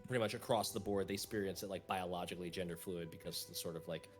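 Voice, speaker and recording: A man's voice: low voice, fast, faint music behind. A man running a tabletop game as game master, narrating and then chatting casually with players, laughing often. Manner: laughs often, animated when excited.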